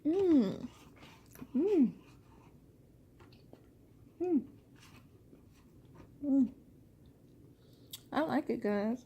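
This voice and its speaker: A woman's voice: high-pitched, expressive, muffled recording. A woman vlogger giving a casual taste test and often addressing viewers as "you guys", with eating sounds between her remarks. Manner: talks while eating, with drawn-out "mm" sounds. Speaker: vlogger reviewing a snack.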